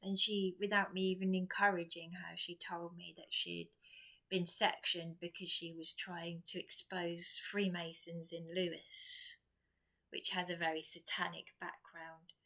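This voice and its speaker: A woman's voice: on the low side, level tone, measured pace, gravelly, pushed and bright. Exhausted rambling woman vlogger. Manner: rambling, repeats and restarts, drops to whispers. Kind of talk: rambling personal vlog monologue.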